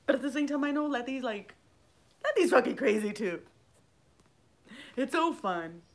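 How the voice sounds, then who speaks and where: A woman's voice: sits high, very animated, moderate pace. A middle-aged woman chats loosely on her own livestream, wandering from thought to thought. She swears freely and greets viewers by name as she goes. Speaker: livestream vlogger. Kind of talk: rambling casual livestream chat.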